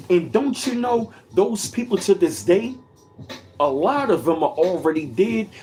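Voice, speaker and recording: A man's voice: fairly high pitch, a little mellow. A man hosting a casual livestream, talking emphatically and repetitively with heavy swearing, greeting chat viewers by name. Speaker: livestream host reading chat.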